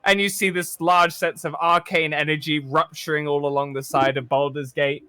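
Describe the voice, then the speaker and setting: A man's voice: a little high, flat delivery, normal speed, sharp tone, smooth, dry recording. A man running a tabletop role-playing game as dungeon master, narrating scenes cinematically and laughing with his players over voice chat.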